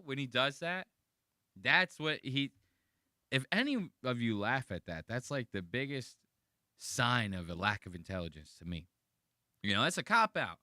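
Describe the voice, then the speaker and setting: A man hosting a casual podcast, ranting about clips with exasperation and plenty of swearing. His voice is bright and lively, swinging up and down, and it sounds close and dry with no room echo. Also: lowish voice, moderate pace, clean tone. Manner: profane, exasperated, mocking. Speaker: podcast host reacting to clips.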